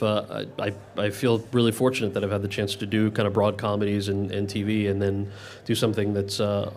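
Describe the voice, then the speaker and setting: A man in his thirties, an actor answering audience questions in a relaxed Q&A, often restarting his sentences. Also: lowish voice. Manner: talks fast with many quick restarts. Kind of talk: casual Q&A answers.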